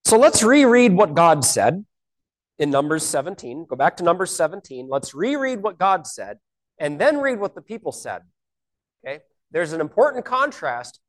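A woman's voice: lowish voice, very animated, moderate pace. A woman teaching a Bible lesson, explaining scripture step by step and asking rhetorical questions.

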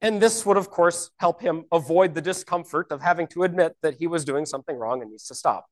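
A woman's voice: low voice, fairly quick. A woman teaching a Bible lesson, explaining scripture step by step and asking rhetorical questions.

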